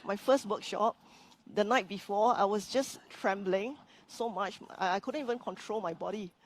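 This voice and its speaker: Woman, business coach, earnest storyteller, interview guest, average pitch. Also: moderate pace. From Singapore. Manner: earnest, animated storytelling with frequent restarts. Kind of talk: live-stream interview guest.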